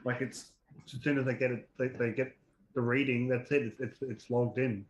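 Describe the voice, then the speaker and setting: A man co-hosting a casual podcast, telling a story in halting, repeated starts. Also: mid-range voice, little pitch movement. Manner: halting, repeats words while thinking. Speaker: podcast co-host. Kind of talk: casual chat. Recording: dull lo-fi sound with faint noise.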